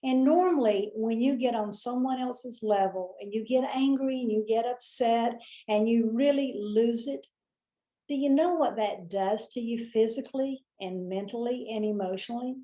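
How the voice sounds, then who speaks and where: A woman with a Southern US accent telling a folksy, lively story as a motivational speaker. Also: fairly high pitch, normal speed.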